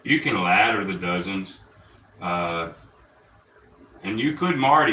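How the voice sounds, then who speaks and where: A man's voice: sits low, animated, slow, long pauses, sharp tone. A man hosting a gambling show, explaining roulette betting in a blunt, profane, chatty way. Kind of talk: casual instructional talk. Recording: roomy, distant mic, faint ambience.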